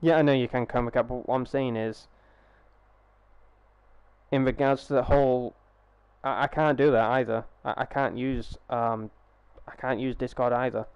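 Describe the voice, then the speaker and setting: A man's voice: medium pitch, fairly even intonation, normal speed, darkish tone, clean tone, dry recording, dull audio. A young man chatting casually on a live gaming stream through a headset, rambling, swearing freely and restarting his sentences.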